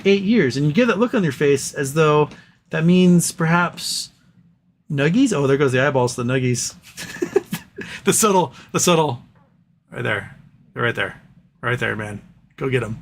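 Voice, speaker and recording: A man's voice: on the high side, animated, measured pace, creaky, pauses often, a little hiss or hum. Rambling, playful man hosting a livestream. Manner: rambling, playful, talks baby-talk to his dog. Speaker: livestream host. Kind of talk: casual livestream chat reading viewer comments.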